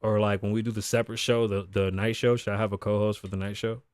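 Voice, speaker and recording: A man's voice: fairly low pitch, little pitch movement, fast, darkish tone, clean tone, no echo, clean studio sound. A man in his thirties hosting a podcast, talking casually in a rambling, profane way and laughing often. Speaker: podcast host. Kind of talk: casual chat. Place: home studio desk.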